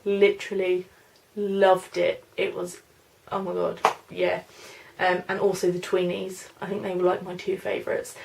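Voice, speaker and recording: Rambling young woman with a London-Norfolk accent, slight vocal fry. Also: lowish voice, monotone, measured pace, background noise. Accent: mix of London and Norfolk English. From London, England. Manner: rambling, hesitant, many fillers and "I don't know". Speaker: vlogger. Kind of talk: casual Q&A vlog, reading questions aloud.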